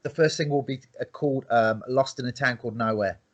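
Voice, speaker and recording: A man's voice: medium pitch, fairly quick, muffled recording. A man, a musician in a band, talking casually and keenly about his music in an interview.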